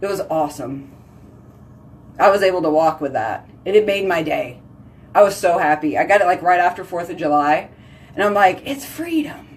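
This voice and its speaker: A woman hosting her own show, chatting casually with viewers, full of "like" and lively exclamations. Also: on the low side, moderate pace, slight background noise. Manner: chatty, heavy use of "like", animated exclamations. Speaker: host.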